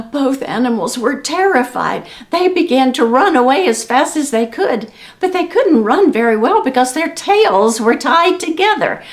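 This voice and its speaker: A woman librarian reading a story aloud to children and teaching a sing-along song, gentle and expressive. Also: high-pitched, unhurried, hardly any pauses.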